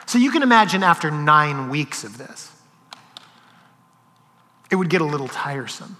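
Pastor guy preaching, bright punchy voice, goes loud then real quiet, big hall echo. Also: sits high. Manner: swings from loud and animated to hushed and slow. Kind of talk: sermon with storytelling.

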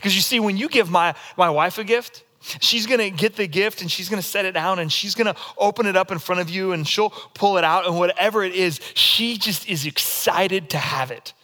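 A man preaching a sermon as pastor, telling stories in a demonstrative, animated way. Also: sits high, a little fast.

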